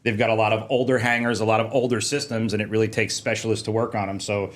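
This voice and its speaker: Fast-talking, animated man telling stories. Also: fairly low pitch. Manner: fast, animated storyteller, mocks officials in a sing-song voice. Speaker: podcast guest, fire protection engineer. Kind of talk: casual interview chat.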